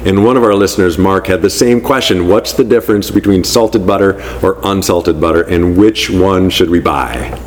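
A man with a Milwaukee accent chats casually as a podcast co-host. His voice is very low, and faint noise sits behind it. He sets up listener questions in a relaxed, friendly way. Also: normal speed. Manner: chatty, reads listener questions.

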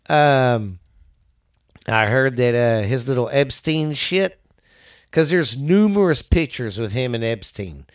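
A man hosting a casual talk show, ranting bluntly with lots of swearing. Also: medium pitch.

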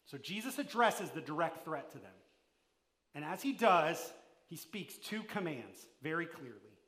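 A man preaches a sermon in a high, bright voice that rings through an echoey church hall. He swings between loud, emphatic lines and hushed ones, putting questions straight to his listeners. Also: sing-song, measured pace. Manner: addresses the listeners directly with questions. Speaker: pastor.

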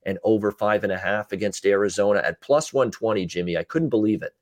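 A man co-hosting a sports betting podcast, recapping games in casual chat with frequent filler pauses and a North American accent. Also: on the low side, dry recording, studio quality. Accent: North American English. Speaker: podcast co-host, betting analyst.

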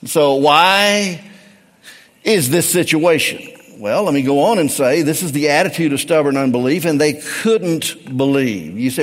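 A middle-aged man, a pastor, preaching a sermon with emphatic swings between raised and hushed delivery. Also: fairly high pitch, moderate pace, big-room sound.

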